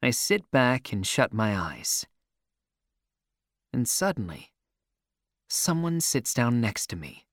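A man narrates a first-person story in a slow, unhurried reading. His pitch moves expressively, and the emotion is clear in his voice. The recording is dry and close. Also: very animated, dry recording.

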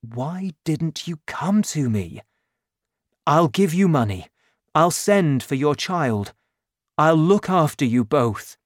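Man reading a calm, kindly mayor. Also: fairly high pitch, slow pace, dry recording, clean studio sound, voice pushed up, exaggerated voice. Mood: calm firm. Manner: calm, firm.

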